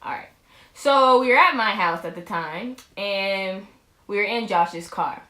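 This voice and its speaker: A woman's voice: medium pitch, a little slow, bright, forceful tone, a little hiss or hum. A young woman, a vlog co-host, rambling casually through a storytime with lots of restarts. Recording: roomy echo.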